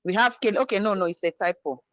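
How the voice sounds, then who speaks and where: A teacher from Nigeria giving an online language lesson over a video call, patiently repeating each word slowly. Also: medium pitch, fairly bright tone, dry recording, dull audio.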